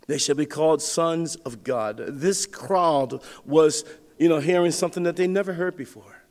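A man preaching a sermon as pastor, telling a personal story with big swings in pitch and loudness. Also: long reverb tail.

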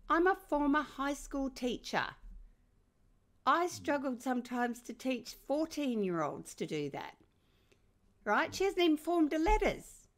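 An older woman with an Australian accent, speaking as a guest in a podcast conversation, telling stories with lively emphasis. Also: on the high side. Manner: animated, emphatic storyteller. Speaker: parenting author and guest.

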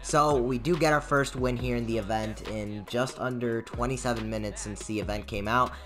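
A young man giving casual commentary over his own baseball video game, swinging between muttered asides and loud outbursts. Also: mid-range voice, steady tone, moderate pace, soft background music. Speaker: gaming YouTuber.

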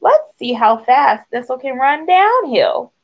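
A woman's voice: high-pitched, big pitch swings, slow, pitched above the performer's own voice, exaggerated voice. A woman voicing an eager cheerful duck. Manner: eager and encouraging. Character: cheerful friendly male duck. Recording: dull lo-fi recording.

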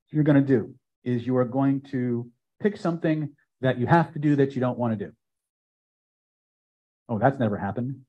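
An older man leads a live seminar with emphatic, driving delivery. His voice is husky, mid-pitched, and the recording is dull and lo-fi. He swings from loud peaks to near silence. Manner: emphatic, builds repeated phrases to loud peaks then drops quiet. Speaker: hypnosis and self-help trainer. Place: seminar room with audience.

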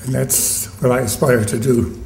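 A man's voice: mid-range voice, fairly even intonation, moderate pace, gravelly, reverberant, a crowd in the background. A man poet at a live reading, introducing his poems in a conversational, wry way with small restarts. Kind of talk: live poetry reading with asides. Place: poetry venue, live audience.

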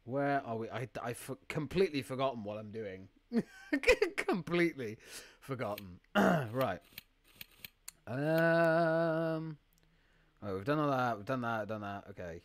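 A man's voice: mid-range voice, lively intonation, measured pace. A man chatting while streaming a game, rambling, swearing and laughing often as he thanks viewers. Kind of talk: live gameplay stream chat.

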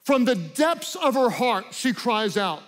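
A middle-aged man delivers a sermon as pastor in a notably high voice. He speaks slowly and deliberately, swinging between hushed stretches and fervent, shouted appeals. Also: sing-song. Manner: impassioned preaching, shifts from quiet to shouting.

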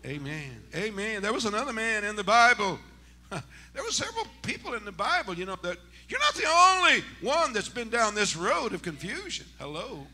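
A man, a senior pastor, preaching a Pentecostal sermon in church, dropping to hushed talk and rising to shouted exclamations. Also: high voice, sing-song, moderate pace. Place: church sanctuary.

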